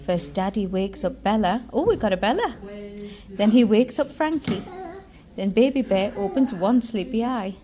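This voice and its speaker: A woman's voice: mid-range voice, animated, moderate pace, dark tone. A woman, a mother vlogging a family outing around a small town and its library, chatting playfully and teasing her children. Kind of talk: casual family vlog chat.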